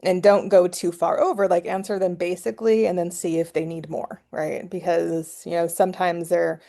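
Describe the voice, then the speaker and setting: A woman's voice: on the low side, flat delivery, normal speed, gravelly, dark tone. A middle-aged woman, a psychology professor guest, telling chatty stories in a casual podcast conversation. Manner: storytelling, chatty with laughs and restarts.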